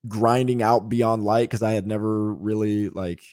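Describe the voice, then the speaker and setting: A man's voice: lowish voice, fairly even intonation, moderate pace, a little mellow, no room sound, studio quality. A man co-hosting a gaming podcast, chatting casually and animatedly. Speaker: podcast co-host. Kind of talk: casual chat.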